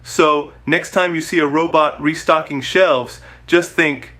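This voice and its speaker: Wisecracking man, slightly high voice. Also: fairly even intonation, unhurried, fairly bright tone. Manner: wisecracking, punchy jokey delivery. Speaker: host. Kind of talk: scripted comedic narration.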